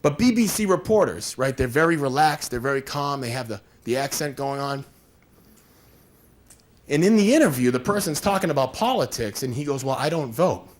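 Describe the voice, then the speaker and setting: A man's voice: medium pitch, big pitch swings, normal speed. A man giving a conversational workshop presentation, acting out little scenes with quoted voices as he explains. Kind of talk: live workshop talk.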